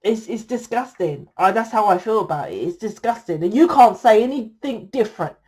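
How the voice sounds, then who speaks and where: A woman's voice: mid-range voice, animated, normal speed, darkish tone. A woman giving a tarot reading to her viewers, blunt and exasperated, scolding them and swearing freely. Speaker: tarot reader.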